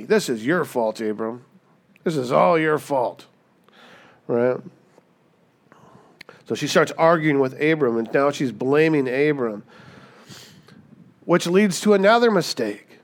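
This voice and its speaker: A pastor preaches in a lively, conversational style, acting out the people he quotes and frequently asking "right?" His voice is a little high, and he speaks slowly with long pauses.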